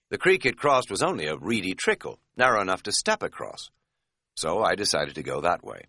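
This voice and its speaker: A man's voice: on the low side, pushed and bright, no room sound, clean studio sound. A man narrating a travel memoir in a wry, self-mocking way.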